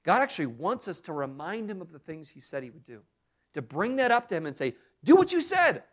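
A young adult man preaching a sermon as pastor, speaking earnestly and expressively with strong emphasis. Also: fairly high pitch.

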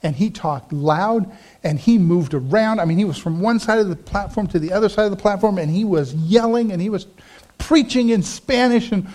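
A man's voice: sits high, lively intonation, moderate pace, darkish tone. A middle-aged male pastor from the United States preaching a sermon, telling stories and playing up the voices of the people he quotes.

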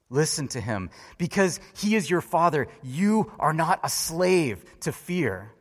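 A man preaching a sermon, telling a story and swinging between loud lively peaks and hushed low lines. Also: measured pace, in a large hall.

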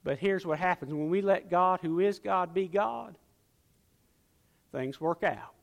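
High-voiced preacher in a reverberant hall. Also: male voice, a little slow, gravelly. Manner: preacherly, swings from loud emphatic to hushed. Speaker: pastor. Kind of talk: sermon.

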